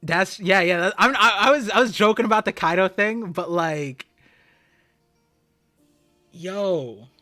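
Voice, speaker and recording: A young man streaming live, reading a comic chapter aloud and reacting with excited exclamations and stammers. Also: sits high, measured pace, long pauses, faint music behind.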